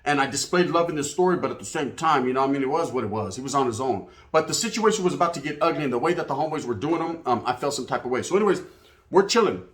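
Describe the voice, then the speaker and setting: Fast-talking profane storyteller. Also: male voice, medium pitch, expressive. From California. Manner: profane, slangy, sprinkled with Spanish words. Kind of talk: casual street storytelling.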